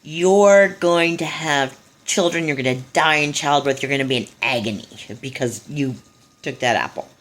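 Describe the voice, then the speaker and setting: A woman's voice: sits low, normal speed, pitched below the performer's own voice, natural voice. A woman voicing an angry, stern male deity who scolds harshly. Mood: scolding.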